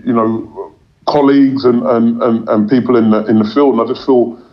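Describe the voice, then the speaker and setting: A man talks in a casual interview, his voice level and steady with little rise or fall. He rambles, stumbling over repeated words and fillers. The recording sounds dull and lo-fi. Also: mid-range voice, moderate pace. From England. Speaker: cricket commentator guest.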